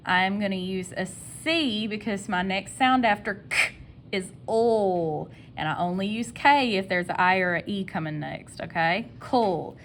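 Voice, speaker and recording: A woman with a Southern American accent teaches a phonics spelling lesson, sounding words out slowly and patiently repeating each sound in an encouraging tone. Her mid-range voice is fairly bright with lively intonation, and there's a little hiss or hum.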